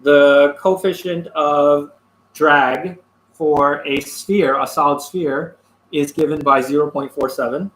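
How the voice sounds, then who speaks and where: A man teaching a physics lesson, explaining a worked problem step by step with pauses and fillers. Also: on the high side, steady tone, a bit bright, reverberant, low-quality recording. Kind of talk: classroom lecture working through a problem.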